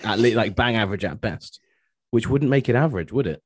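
A man's voice: lowish voice, lively intonation, fairly quick, breathy edge, no room sound, clean studio sound. A man co-hosting a podcast in casual chat, joking and mocking himself, often laughing. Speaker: podcast co-host.

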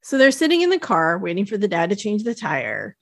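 A woman co-hosting a casual podcast, retelling a film's plot in a relaxed way with many fillers. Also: mid-range voice, fairly quick. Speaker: podcast co-host. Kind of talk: casual chat recapping a film.

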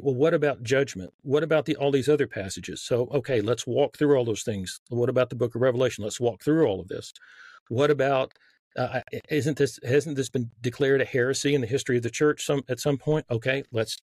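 A man's voice: medium pitch, a little mellow, husky, dry recording. A man with a light Southern accent, a podcast guest explaining his argument earnestly, with frequent restarts. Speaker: guest author. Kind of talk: casual podcast conversation.

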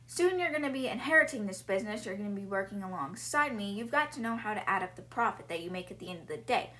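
A woman's voice: medium pitch, animated, fast, sharp tone. A woman voicing a boastful, bullying father who deals in used cars, in a casual storytelling way. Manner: blustering, accusing.

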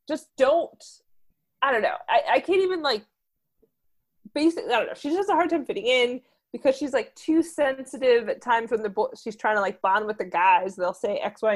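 A woman co-hosting a podcast, chatting casually about films with lots of restarts and "like"s. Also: sits high. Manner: chatty, many restarts and "like"s, lively opinions. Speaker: podcast co-host. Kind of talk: casual film discussion.

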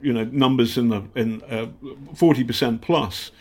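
A British investigative journalist telling stories in a casual interview, halting often and acting out the people he quotes. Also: mid-range voice, fairly even intonation, darkish tone. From Britain. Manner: halting, many fillers and restarts, acts out quotes.

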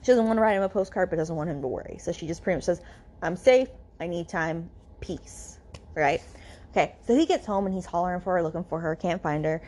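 A woman's voice: lowish voice, quick pace, mellow. A woman hosting a book podcast, recapping a novel in a chatty, filler-heavy way with casual swearing. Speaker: podcast host reviewing a novel.

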